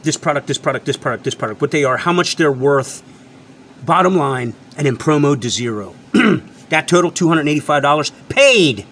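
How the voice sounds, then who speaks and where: A man's voice: on the high side, fairly quick, fairly bright tone, slight background noise. A man hosting his own channel, lecturing his viewers in an unscripted rant. He is emphatic and repeats himself, and he swears freely. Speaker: channel host and product reviewer. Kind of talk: unscripted ranting monologue.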